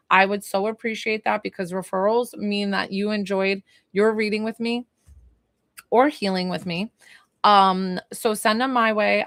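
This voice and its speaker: A woman's voice: mid-range voice, a bit bright, dry recording. New lady doing a chatty live reading, lots of likes, dry close mic. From New York. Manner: chatty, rambling, full of "like" fillers. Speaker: psychic medium live-stream host. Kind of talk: casual live-stream talk.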